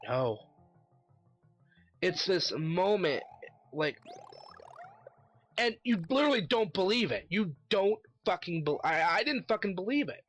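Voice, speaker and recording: A man's voice: high-pitched, big pitch swings, unhurried, long pauses, a bit bright. Profane, ranting man over faint music. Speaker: wrestling commentary vlogger. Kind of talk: casual solo commentary.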